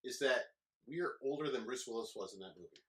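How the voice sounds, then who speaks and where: A man in his mid-thirties, co-hosting a casual movie podcast and chatting with animated enthusiasm. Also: mid-range voice, quick pace, slight background noise. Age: 30s. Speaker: podcast co-host.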